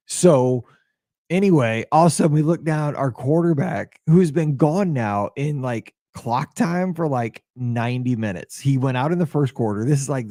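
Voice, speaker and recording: A man hosting a podcast, telling a story in a casual, excitable and openly emotional way, with lots of restarts. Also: medium pitch, dry recording, clean studio sound. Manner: excitable, rambling sports storyteller. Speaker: podcast host.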